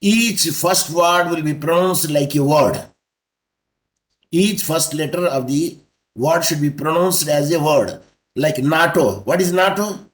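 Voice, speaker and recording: A man teaching an online law class, explaining slowly and spelling out letters one by one. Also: a little high. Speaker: law lecturer. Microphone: video call.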